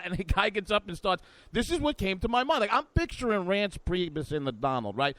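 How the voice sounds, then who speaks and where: A brash male talk radio host riffs with big swings of pitch, his voice pitched high and bright. His studio sound is completely dry and close. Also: sing-song, fairly quick, no room sound. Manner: brash, hyped, riffing.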